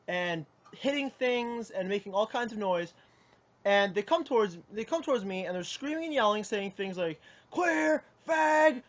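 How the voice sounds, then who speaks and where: A young man telling a personal account to camera in a rambling, indignant way, often restarting his sentences. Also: sits high. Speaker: card game player. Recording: muffled lo-fi audio.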